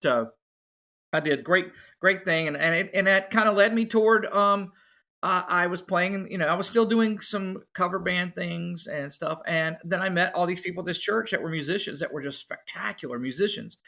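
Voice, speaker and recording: A man, a musician and podcast guest, telling his story in a casual, animated way. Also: high-pitched, normal speed, gravelly. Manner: animated, acts out other people's voices.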